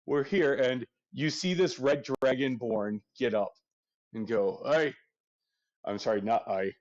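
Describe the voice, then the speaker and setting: A man narrating a tabletop game as game master, halting and casual, full of fillers. He talks slowly, in a middle register. The recording sounds dull and lo-fi. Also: mid-range voice, fairly even intonation, a little mellow.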